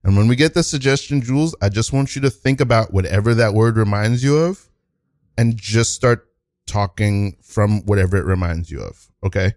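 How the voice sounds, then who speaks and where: A low-voiced man hosts an improv show with an encouraging, stammering delivery, slipping into a flustered, nervous husband. The sound is dry and close, with no room around it. He laughs readily between lines. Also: moderate pace, darkish tone, no room sound. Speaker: improv comedy host. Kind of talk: improv scene, casual chat.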